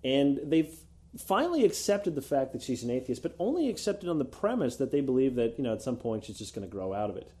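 Podcast co-host, male, sarcastic ranter, swears, lively pitch, mellow tone. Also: fast. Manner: animated, sarcastic, mocks others in put-on voices; swears freely. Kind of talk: casual opinion rant.

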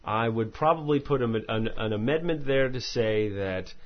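A man's voice: mid-range voice, expressive, moderate pace, lo-fi sound. A man hosting a podcast, chatting casually and reading listener mail aloud in a rambling, self-mocking way that often stumbles over words. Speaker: podcast host.

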